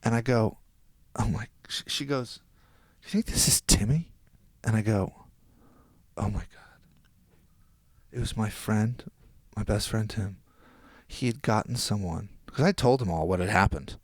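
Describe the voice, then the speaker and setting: A man's voice: lowish voice, moderate pace, dry recording, studio quality. A young man casually telling a long story on a podcast, acting out the people he quotes. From New Jersey. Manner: animated, acts out quoted people. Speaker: podcast guest.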